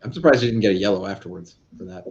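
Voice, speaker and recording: A man's voice: low voice, racing, muffled recording, slight background noise. A man reacting wryly to a soccer match and teasing friends during a video-call watch party. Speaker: soccer supporters' group member. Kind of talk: casual watch-party chat.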